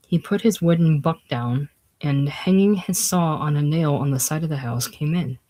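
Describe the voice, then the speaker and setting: A casual reader narrating a classic novel aloud in a plain, unhurried way, dropping lower and quieter on speech tags. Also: rough recording. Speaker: audiobook reader.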